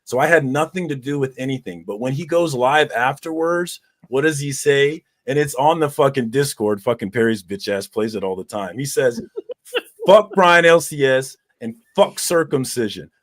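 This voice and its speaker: A man's voice: mid-range voice, normal speed. Man, thirties, heated profane rant, casual online hangout talk. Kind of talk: casual livestream chat.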